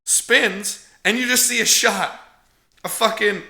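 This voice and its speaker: A man recapping a horror movie on a podcast, in a casual, animated, profane way, laughing often. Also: sits high, slow, gravelly, echoey room. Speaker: podcast co-host.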